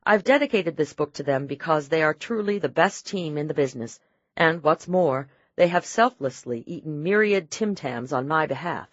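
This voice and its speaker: Low-voiced woman audiobook narrator. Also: animated, moderate pace, no room sound, lo-fi sound. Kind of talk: scripted narration.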